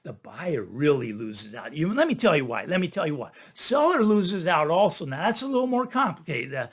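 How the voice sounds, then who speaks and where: An older man talks casually to his viewers, his pitch swinging up and down with lively emphasis. He repeats key lines to drive them home and lets out a chuckle here and there. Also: moderate pace, breathy edge. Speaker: real estate listing agent. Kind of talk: casual monologue to camera.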